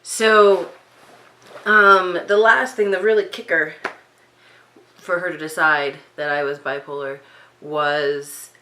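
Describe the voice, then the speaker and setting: Young woman rambling on a late-night vlog, low-ish bright voice, lots of likes and ums, running on no sleep. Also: level tone, takes it slowly, long pauses, a little hiss or hum, poor audio. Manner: rambling, many fillers and restarts. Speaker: vlogger. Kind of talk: unscripted personal vlog.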